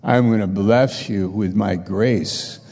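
Calm reassuring God voiced by a male preacher, gravelly, slow, in a reverberant church. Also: fairly low pitch. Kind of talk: acted quote within a sermon.

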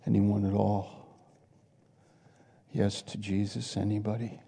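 A man making a slow, quiet altar call, heard from some distance. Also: lowish voice, flat delivery, gravelly.

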